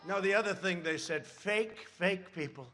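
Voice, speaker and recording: A man giving a campaign rally speech at a podium microphone, rambling with sarcastic asides and shouted emphasis. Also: high voice, normal speed, a little hiss or hum.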